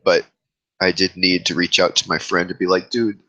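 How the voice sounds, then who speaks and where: A man's voice: deep voice, monotone, fairly quick, pushed and bright, lo-fi sound. A man hosting his own vlog, talking candidly and at length about his fears into his own camera. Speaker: vlog host. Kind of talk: confessional vlog monologue. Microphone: own camera mic, self-recorded.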